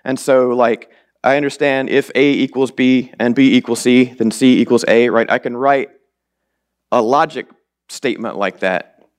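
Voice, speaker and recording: A man's voice: mid-range voice, steady tone, moderate pace. A man preaching a sermon in a church in a casual, rambling, self-deprecating way, his voice a bit strained. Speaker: lay preacher. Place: church sanctuary.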